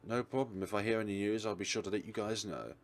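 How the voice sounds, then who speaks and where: A man's voice: lowish voice, steady tone, fast, lightly acted. A man voicing a smug, chatty adult man who complains about the government.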